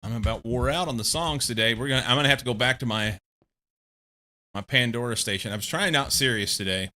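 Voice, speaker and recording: A man in mid-range pitch with a very bright, forward voice chats loosely while playing a game at home. He rambles, curses freely and breaks into laughter often, all close on a desk mic. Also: brisk. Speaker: game streamer. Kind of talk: casual chat while playing.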